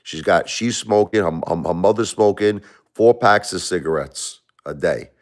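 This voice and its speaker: A man's voice: deep voice, moderate pace. A middle-aged man hosting a livestream, talking emotionally and defensively to viewers, rambling with repeated words and restarts. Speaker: livestream host.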